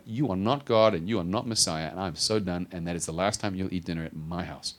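This is a man with a low-pitched voice who speaks at a quick pace with few pauses. He's a middle-aged pastor preaching, animatedly voicing the people from the Bible story.

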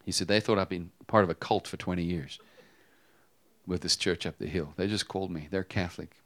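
A pastor with a low-sitting voice preaches briskly, telling a personal story. He swings animatedly between loud emphasis and hushed tones.

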